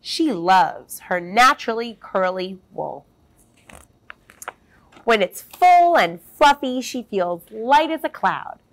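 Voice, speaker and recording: Slow, sing-song woman reading to children. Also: on the high side, expressive. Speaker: storyteller. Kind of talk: children's storybook read-aloud.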